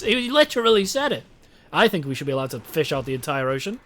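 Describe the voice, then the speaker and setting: Gaming live, a young British man rambles and swears while chatting casually with his chat. His voice is high and fairly bright, fast with lively intonation, and there's a little background noise.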